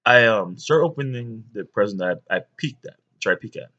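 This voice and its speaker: A man's voice: on the low side, expressive, a little fast, bright, forceful tone, dull audio. A man in his thirties, a father rambling through a childhood story for his young sons, with many fillers. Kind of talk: storytelling home video.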